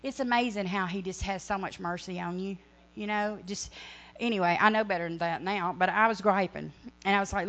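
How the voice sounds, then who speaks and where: A woman's voice: medium pitch, fairly quick, fairly bright tone. A middle-aged woman sharing a church testimony, earnest and rambling, often correcting herself. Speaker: ministry speaker.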